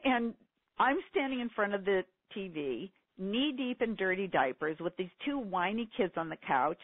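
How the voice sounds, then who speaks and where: A middle-aged woman, a seminar teacher, telling a personal story in an interview, earnest and emotional with quick laughs. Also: mid-range voice, animated, no room sound. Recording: tinny dry phone line.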